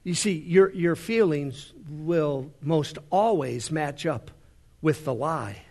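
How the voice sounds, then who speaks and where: Husky-voiced male preacher. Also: a little high, takes it slowly. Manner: preaching with big swings between hushed and rising fervor. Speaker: pastor. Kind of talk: sermon. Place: large worship center.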